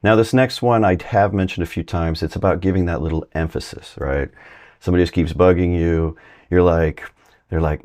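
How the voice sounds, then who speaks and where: Man, deep voice, mellow tone, casual spanish teacher, chatty explanations. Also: brisk. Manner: relaxed, conversational explaining with examples. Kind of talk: casual language lesson.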